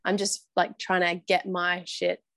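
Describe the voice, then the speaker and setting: A woman's voice: lowish voice, level tone, a little slow, gravelly, fairly bright tone, no room sound. A woman hosting a casual podcast chat, encouraging and thinking aloud with lots of fillers. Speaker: podcast host.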